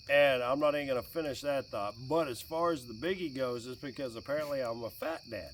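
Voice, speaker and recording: A man in his late forties chatting casually and jokingly by a campfire outdoors, getting animated when quoting his kid. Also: mid-range voice, a little fast, few pauses, distant mic, noisy background. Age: 40s. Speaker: vlogger. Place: outdoors by a fire at night with crickets.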